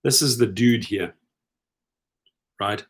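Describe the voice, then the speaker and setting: Speaking slowly in a lowish voice, this middle-aged man hosts rideshare commentary as a relaxed rant full of disbelief. Animated and incredulous, he acts out whatever people he quotes have said.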